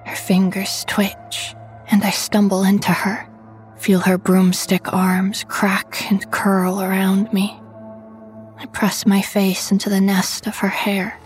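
A woman narrating a first-person horror story in a hushed voice that often drops to a whisper. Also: medium pitch, monotone, slow pace, faint music behind, rough recording.

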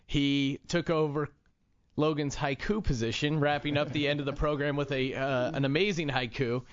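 High-voiced male radio host. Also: steady tone, normal speed, muffled recording. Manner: laughs often, tells stories with acted quotes. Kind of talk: casual talk radio banter.

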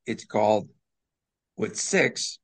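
A man co-hosting a casual hockey talk show, jokey and quick to laugh at his own bits. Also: on the low side, expressive, fairly bright tone. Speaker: sports talk co-host.

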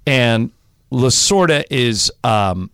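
A man hosting a sports radio show, telling stories in a lively, animated way. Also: mid-range voice, takes it slowly, clear, resonant tone. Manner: animated storyteller, does loud impressions when quoting. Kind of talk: casual sports radio chat.

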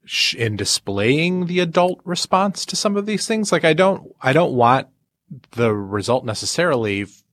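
A man's voice: a little high, very animated, normal speed, fairly bright tone, dry recording, studio quality. A man co-hosting a podcast, chatting casually and restarting his phrases hesitantly. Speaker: podcast co-host. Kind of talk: casual chat.

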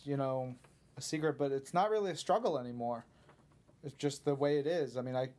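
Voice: medium pitch, a little mellow. A podcast host in casual chat, reading listener tweets aloud and riffing on them, laughing easily. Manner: chatty, laughs easily, riffs on questions.

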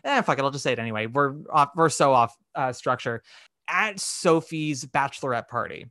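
A man's voice: mid-range voice, normal speed, dry recording, clean studio sound. A man hosting a podcast, chatting casually and acting out quotes as he tells stories. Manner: chatty, animated storytelling, acts out quotes. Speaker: podcast host. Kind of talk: casual chat.

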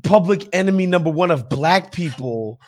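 A man's voice: sits high, lively intonation, moderate pace. A man hosting a podcast, ranting in casual, profane, emphatic talk. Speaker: podcast host. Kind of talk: casual opinionated chat.

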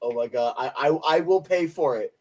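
A man's voice: a little high, normal speed, darkish tone. Playful, laughing young man. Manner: playful, laughs often, jokey. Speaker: podcast co-host. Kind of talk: casual chat.

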